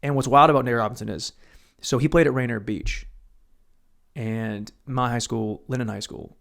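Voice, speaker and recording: Profane rambling man with a gravelly voice. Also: medium pitch, steady tone, moderate pace. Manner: profane, rambling storyteller with sudden loud outbursts. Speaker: podcast host. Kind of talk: solo podcast monologue.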